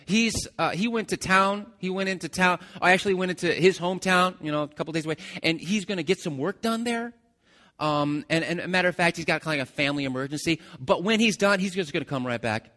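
A man voicing a young prince who stammers out hurried excuses. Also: high-pitched, sharp tone. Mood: flustered.

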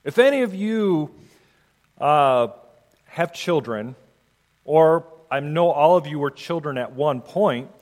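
A chaplain preaches in a loose, conversational way, now and then acting out the prayers he quotes. His voice sits high for a man. The sound rings out with a long hall reverb. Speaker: hospital chaplain. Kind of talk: sermon.

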